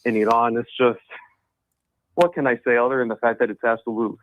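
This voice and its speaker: A man's voice: medium pitch, little pitch movement, fairly quick. A man calling into a radio show and ranting angrily about politics. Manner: angry ranting, insulting. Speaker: caller. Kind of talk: call-in rant. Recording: dull phone-in line.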